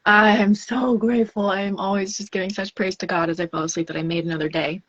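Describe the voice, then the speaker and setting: A woman's voice: mid-range voice, fairly even intonation, fast, a bit bright, highs cut off. A woman speaking as a death doula guest in a casual podcast conversation, earnest, reflective and spiritual.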